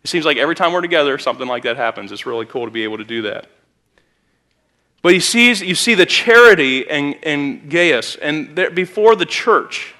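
A man's voice: fairly high pitch, animated, fairly quick, bright, forceful tone. A man preaching a sermon as a youth pastor in a church, telling stories in a conversational way with sudden emphatic rises. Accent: Midwestern American. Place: church sanctuary.

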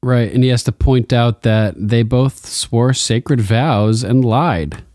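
A man's voice: medium pitch, slow, darkish tone, no room sound. A man co-hosting a casual TV recap podcast, laid-back and joking, chuckling often. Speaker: podcast co-host.

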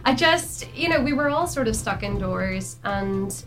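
A woman's voice: medium pitch, animated, unhurried. A woman from the Netherlands, a singer and company co-founder, talking in a friendly, agreeable way as a radio guest. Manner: friendly and agreeable, often affirming. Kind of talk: casual radio interview.

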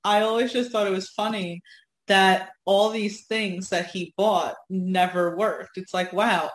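A woman's voice: medium pitch, steady tone, unhurried. Chatty laughing woman in an echoey room. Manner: chatty, laughs often, rambling. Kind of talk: casual chat.

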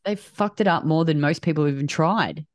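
A woman's voice: low voice, a little fast, no echo. A woman co-hosting a casual podcast as a health coach, blunt and swearing freely as she acts out quoted conversations.

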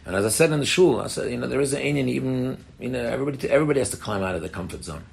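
Brief: fast-talking middle-aged rabbi with a gravelly voice, earnest and repetitive. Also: male voice, mid-range voice, lively intonation. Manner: earnest, repeats and restarts phrases, explains plainly. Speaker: rabbi giving a talk to women. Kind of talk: Torah talk with audience questions.

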